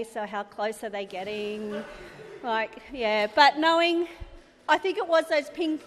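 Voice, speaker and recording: Recorded in a reverberant hall at a wedding reception venue, with a little hiss or hum, a high-pitched woman speaks. In her thirties and Australian-accented, she rambles chattily through a speech for her sister's wedding and laughs often.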